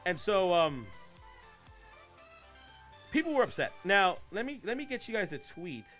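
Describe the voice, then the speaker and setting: A man hosting a casual live-streamed podcast, telling a story in an animated, rambling way and swearing freely. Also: high voice, a little slow, faint music behind. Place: home streaming setup. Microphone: desk mic while streaming live.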